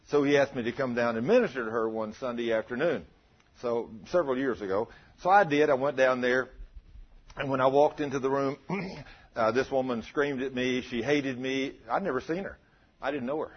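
A man's voice: mid-range voice, breathy edge, lo-fi sound. A man preaching a testimony sermon in a folksy, dramatic storytelling way. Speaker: lay preacher.

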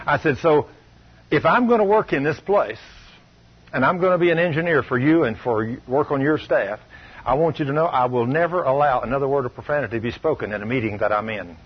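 Stern preacher, husky lo-fi radio. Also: male voice, mid-range voice, fast. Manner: stern, emphatic storytelling, shifting loud and soft. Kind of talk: sermon with personal stories.

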